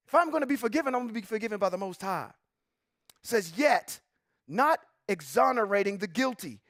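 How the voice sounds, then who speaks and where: A man teaching scripture in a sermon style, reading verses slowly and then preaching with rising emphasis, asking the audience questions. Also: high voice, a bit bright, no room sound, clean studio sound. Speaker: Bible teacher.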